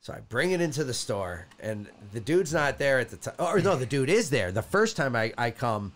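A man's voice: mid-range voice, moderate pace. A man casually telling a long story on a podcast, acting out the other people's lines as he goes. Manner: animated, acts out dialogue while telling a story. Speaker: podcast co-host.

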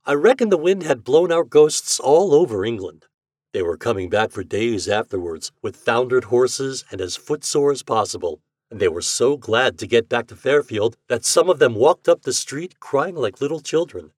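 A man reading a story aloud as a podcast narrator, with an expressive reading style. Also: medium pitch, normal speed, no echo, clean studio sound. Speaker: podcast reader.

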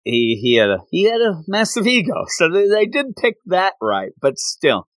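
A man hosting a casual chat recapping an anime, talking in a rambling, animated way and laughing often. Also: high voice, moderate pace, dry recording, low-quality recording.

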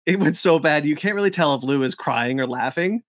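A man's voice: fairly high pitch, lively intonation, brisk, no echo, clean studio sound. A man co-hosting a podcast, chatting casually and enthusiastically with lots of fillers and restarts. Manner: enthusiastic, rambling with many fillers. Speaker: podcast co-host. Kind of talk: casual chat.

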